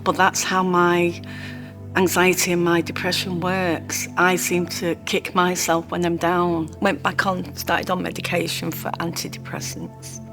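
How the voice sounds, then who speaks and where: A woman speaks in a low, heartfelt voice, sharing a personal story with pauses and restarts. Soft music plays underneath her. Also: monotone. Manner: emotional, heartfelt, halting. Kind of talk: personal testimony.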